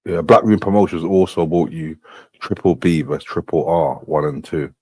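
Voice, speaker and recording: Brief: male host, deep and low, slow slangy clip commentary, dry close sound. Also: darkish tone, slightly rough, no echo. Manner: slow, drawling recap with casual slang. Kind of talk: commentary on replayed clips.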